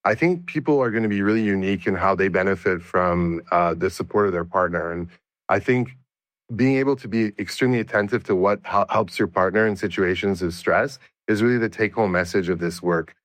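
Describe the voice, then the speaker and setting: A man answering interview questions as a researcher, explaining his study in a measured way with frequent restarts. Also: deep voice, no room sound. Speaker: researcher guest.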